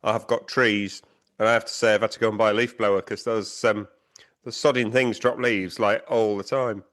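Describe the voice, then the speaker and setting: A man's voice: on the low side, little pitch movement, moderate pace, fairly bright tone. A man co-hosting a casual podcast, chatty and laughing often. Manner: chatty, laughs often, talks while eating. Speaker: podcast co-host. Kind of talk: casual chat.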